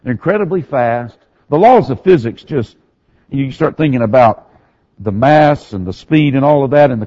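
A pastor delivering a sermon, his slightly high, husky voice rising and falling widely as he tells the story. He moves between hushed, reflective passages and raised, emphatic ones. The recording sounds muffled and lo-fi.

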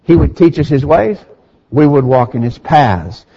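A man's voice: a little high, lively intonation, unhurried, warm tone, breathy edge. A man preaching a sermon, asking rhetorical questions and reading scripture aloud with rising emphasis. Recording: dull sound with long reverb in a hall.

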